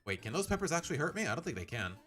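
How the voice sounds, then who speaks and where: A man's voice: a little high, very animated, very fast, fairly bright tone. A man giving let's play commentary. He rambles, thinks aloud and pokes fun at himself. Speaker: gaming streamer. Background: faint game music.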